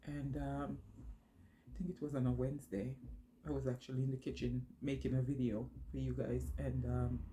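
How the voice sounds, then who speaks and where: A woman's voice: extremely low pitch, little pitch movement, a little slow, long pauses, darkish tone, a little hiss or hum. A woman vlogger telling a personal story to her phone camera, rambling and losing her train of thought along the way.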